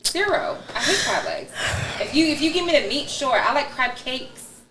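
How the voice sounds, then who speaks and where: A woman chatting casually on a podcast, telling animated stories and imitating her relatives. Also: high voice, normal speed, background noise. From Jamaican family. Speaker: podcast guest. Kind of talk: casual chat. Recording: roomy echo.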